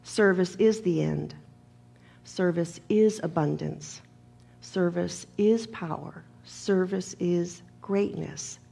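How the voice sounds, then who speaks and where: A woman preacher delivering a sermon in a measured, emphatic manner, leaning on repeated phrases and a gravelly voice. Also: on the low side, mellow.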